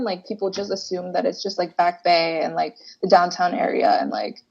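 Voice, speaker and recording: Gravelly young woman on a muffled call. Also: lowish voice, fairly even intonation, fairly quick. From Boston. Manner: chatty, trailing filler words. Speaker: student panelist. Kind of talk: casual panel discussion. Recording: dull lo-fi call audio.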